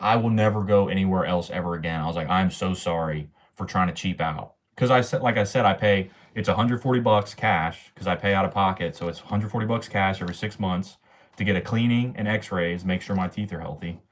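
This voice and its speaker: A young man talks to his livestream chat in a loose, slangy rant full of swearing. His voice sits on the low side, and his talk is offhand and casual. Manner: slangy, ranting, swears often.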